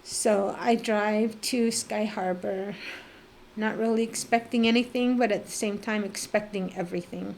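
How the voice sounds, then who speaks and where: A woman's voice: medium pitch, fairly even intonation, measured pace, gravelly, darkish tone, slight background noise. A middle-aged woman telling her own life story as a podcast guest, candid and emotional, with lots of "like" fillers and a blunt swear now and then. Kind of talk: personal storytelling.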